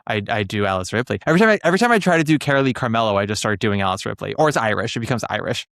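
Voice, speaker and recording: A man's voice: lowish voice, lively intonation, very fast, gravelly, a bit bright, no echo, studio quality. A man hosting a podcast, chatting casually about musicals with campy, teasing, bawdy jokes. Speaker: podcast host.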